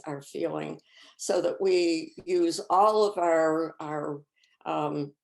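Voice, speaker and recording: Low-voiced woman giving a reflective faith talk. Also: vocal fry. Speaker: retreat presenter. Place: home, on a video call. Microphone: video call.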